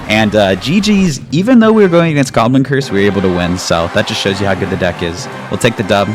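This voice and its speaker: Chill guy with a lowish voice talking through his match, game music going behind him. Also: animated, fast. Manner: laid-back, chatty, says "like" a lot. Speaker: gaming YouTuber. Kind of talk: casual gameplay commentary.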